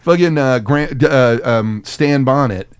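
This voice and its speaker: A man's voice: medium pitch, slow pace, smooth, no room sound. A middle-aged man from Texas co-hosting a podcast, telling stories in casual, profane chat. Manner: profane, animated storytelling. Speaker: podcast co-host.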